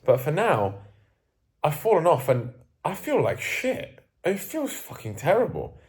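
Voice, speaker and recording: A man's voice: on the high side, huge pitch swings, a little slow, darkish tone. A young man in a candid vlog who is groggy, sneezing and coughing, rambling and swearing as he runs himself down. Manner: rambling, self-deprecating, swears freely. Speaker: self-improvement coach. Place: indoors, sitting at home. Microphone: camera facing him.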